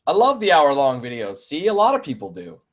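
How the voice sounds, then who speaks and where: A man's voice: mid-range voice, wildly swooping pitch, brisk. A young man hosting a casual live Q&A for his gaming channel, rambling, laughing and swearing freely. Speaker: let's play channel host.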